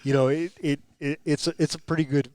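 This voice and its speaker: A man's voice: a little high, brisk, a little hiss or hum. A man chatting as a podcast guest, telling stories with restarts and acted-out quotes. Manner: animated storyteller, restarts and acts out quotes. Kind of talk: casual podcast chat.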